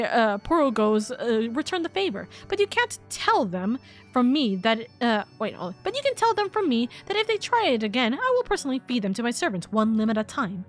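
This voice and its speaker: A woman voicing a cranky, sharp-tongued old sorceress, reading game dialogue aloud and stumbling over some words. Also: high voice.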